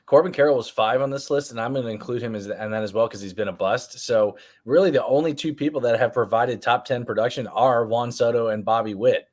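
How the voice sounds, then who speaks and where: A man co-hosts a live fantasy baseball show, answering viewer questions in casual live-stream chat full of ums and restarts. His voice is mid-range, and he speaks briskly with hardly any pauses.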